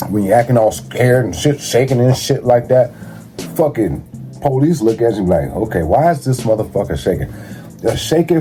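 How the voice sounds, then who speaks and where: A man's voice: on the low side, mellow. A man talking casually and bluntly, full of profanity and street slang, giving advice in a conversational monologue. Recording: music playing behind the voice. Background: music.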